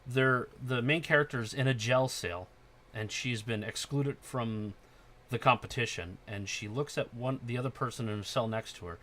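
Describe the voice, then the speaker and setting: A man hosting a casual podcast chat, excited and profane, getting loud when he acts out scenes. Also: mid-range voice, normal speed, a little hiss or hum. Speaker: podcast host.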